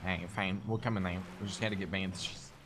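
A man's voice: low voice, steady tone, brisk. A man chatting casually with other players during a role-play game. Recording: noisy game voice chat.

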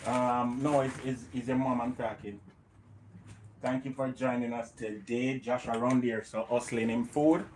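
A man's voice: mid-range voice, fairly even intonation, measured pace, darkish tone, slight background noise. Jamaican man chatting on a cooking livestream. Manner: banters with viewers, slips into patois. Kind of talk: casual livestream chat.

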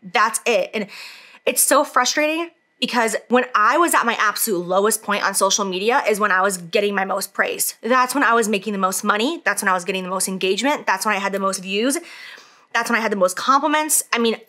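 A woman in her thirties speaks straight to camera in a casual beauty vlog, doing her makeup as she talks. Her voice is bright and forward, and her speech runs candid and emotional, full of "like" fillers and restarts. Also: medium pitch, fairly quick. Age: 30s. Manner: talks while applying makeup. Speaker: beauty vlogger.

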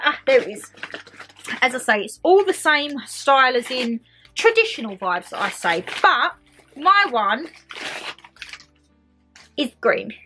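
A young British woman chatting excitedly to her viewers as she shows off a shopping haul at home. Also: fairly high pitch. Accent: British English. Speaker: vlogger. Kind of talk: casual shopping haul vlog.

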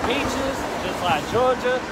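Casting: man playing a sloppy drunk Southern buddy, high and slow, noisy car. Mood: drunk, giggly. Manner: slurred, giggly, drawling. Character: drunk rowdy young man, Southern drawl.

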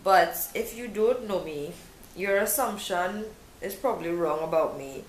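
A woman's voice: lowish voice, a little slow. A young woman chatting casually to camera at home, rambling with many ums and restarts in a self-described pompous-sounding voice. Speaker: vlogger. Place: living room at home. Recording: roomy room with faint background noise.

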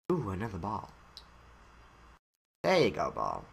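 A man doing let's-play commentary, excitable with sudden shouted outbursts. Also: lowish voice, moderate pace, vocal fry, pauses often, slight background noise. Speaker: gaming commentator.

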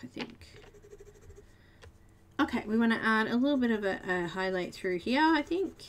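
A woman's voice: a little high, expressive, moderate pace. Chatty woman coloring live. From Australia. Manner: chatty and giggly, talking to herself while drawing. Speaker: art tutorial host. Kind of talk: live coloring tutorial chat.

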